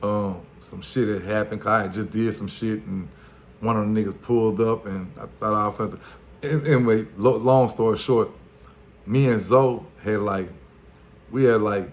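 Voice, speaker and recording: Low-voiced Louisiana man telling a street story. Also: normal speed, a little hiss or hum. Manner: loose street slang, fillers, acts out quotes. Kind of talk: casual storytelling.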